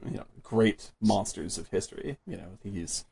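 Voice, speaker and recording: A man with a gravelly, husky voice hosts a relaxed film chat. He talks loosely and fills his sentences with "like". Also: on the low side, moderate pace. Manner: chatty, fills with "like". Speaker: podcast host. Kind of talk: casual film discussion.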